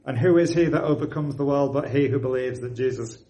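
A man preaching a sermon, telling a story and rising to loud, excited emphasis. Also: mid-range voice, fairly quick, poor audio.

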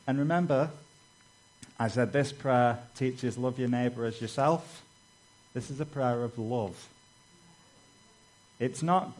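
Male preacher, mid-pitched, chatty sermon delivery with lively storytelling. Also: a little slow, low-quality recording. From Britain. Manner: conversational, frequent "you know" asides; acts out quoted dialogue with raised voice.

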